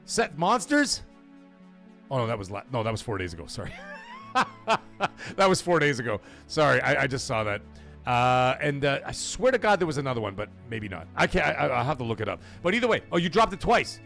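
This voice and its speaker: A man hosting a gaming livestream, loud and excitable, cursing and reading super chats to his viewers. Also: mid-range voice, a little fast, creaky. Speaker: livestream host. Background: soundboard music and crowd cheers.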